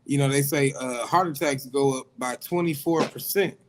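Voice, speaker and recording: A man with a Midwestern US accent, co-hosting a radio show and calmly explaining health habits in casual chat. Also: mid-range voice, normal speed, slight background noise. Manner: easygoing, explains things steadily. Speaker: co-host.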